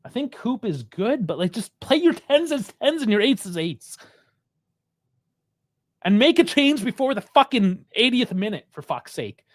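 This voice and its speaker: A man's voice: very high voice, big pitch swings, moderate pace. A man giving live fan reaction to a football match, angry and frustrated, swearing heavily as he rants about the coach's choices.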